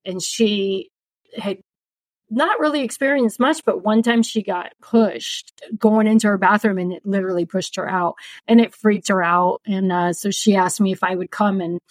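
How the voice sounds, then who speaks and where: A woman's voice: mid-range voice, normal speed, no room sound, rough recording. A woman paranormal investigator guest in casual podcast chat, talking hesitantly and restarting sentences.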